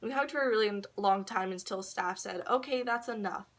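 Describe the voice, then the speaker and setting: A woman's voice: mid-range voice, fast talker. A teenage girl telling a long personal story to camera, rambling and swearing, with frequent laughs and quoted voices. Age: teens. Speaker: vlogger. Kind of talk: casual storytelling vlog.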